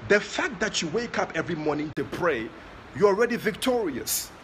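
Ghanaian male preacher, high animated voice, bright tone, faint background hum. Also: moderate pace. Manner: passionate preaching, swings between soft asides and loud exclamations. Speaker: prophet leading online prayer. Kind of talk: sermon.

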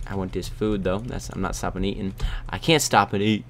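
A man's voice: deep voice, fairly even intonation, fast, few pauses. A young man giving goofy, rambling commentary while playing a game, close to his mic. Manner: goofy, rambling, bursts of shouting and whispers. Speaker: gaming YouTuber. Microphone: close desk mic.

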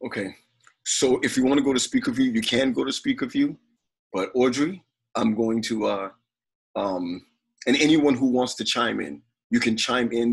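A man leading a family video call, praying and then handing the floor to relatives with halting, restarting speech. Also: medium pitch, slightly rough. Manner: halting, with many restarts and fillers. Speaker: family call host and prayer leader. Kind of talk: prayer, then casual video call hosting.

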